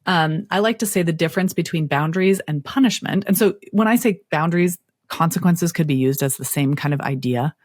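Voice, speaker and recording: Expressive storytelling woman therapist, dry sound. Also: fairly low pitch, a little fast, dry recording. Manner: expressive, storytelling with playful asides. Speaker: therapist guest. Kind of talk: interview conversation.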